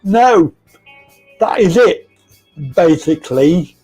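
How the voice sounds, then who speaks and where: High, playful man on a live stream. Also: sing-song, slow, long pauses, a little mellow, breathy edge, soft background music, rough recording. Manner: playful, silly, giggly, greeting viewers. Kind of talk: casual live stream chat.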